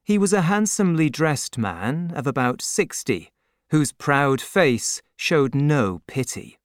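Slow, expressive audiobook narrator. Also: mid-range voice, no echo, studio quality. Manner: measured, expressive storytelling. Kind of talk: scripted narration.

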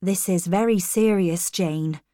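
A woman reading the lines of an earnest, serious young male missionary in a calm, measured way. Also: lowish voice, no echo, studio quality, close to an everyday voice.

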